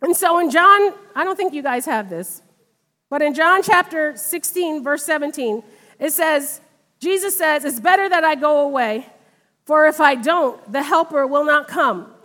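A woman's voice: high-pitched, unhurried. A middle-aged woman preaching a sermon in a church, talking conversationally and telling a personal testimony. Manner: conversational, animated in retold dialogue. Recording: long reverb of a large hall.

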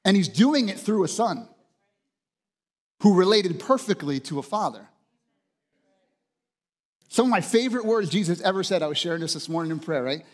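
A man's voice: sits high, animated, moderate pace, long pauses, in a large hall. A man preaching a sermon as pastor, passionate and emphatic, driving points home with repeated phrases.

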